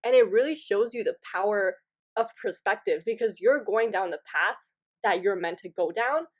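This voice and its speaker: A woman's voice: mid-range voice, normal speed, dull audio. A young woman hosting her own podcast, telling a funny story in a casual, rambling way and often breaking into giggles. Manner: giggly, rambling, self-mocking. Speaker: podcast host. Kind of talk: casual solo story time.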